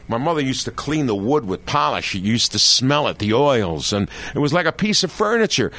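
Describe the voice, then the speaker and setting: An older man spins a comic storytelling monologue with a lively, swooping voice. He chats straight to his listeners, teasing them and leaning into every detail. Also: medium pitch, normal speed, few pauses. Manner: animated, chatty, addresses the audience directly.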